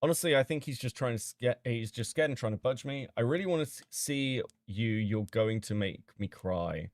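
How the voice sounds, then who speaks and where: A man streaming casually as he reads out chat logs and reacts with sudden loud disbelief and swearing. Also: medium pitch, expressive, moderate pace, no room sound, clean studio sound.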